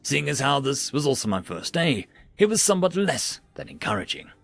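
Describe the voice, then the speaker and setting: A man's voice: medium pitch, big pitch swings, fairly quick, creaky, fairly bright tone, dry recording, faint music behind. A man narrating a sci-fi story in a wry, theatrical storytelling manner.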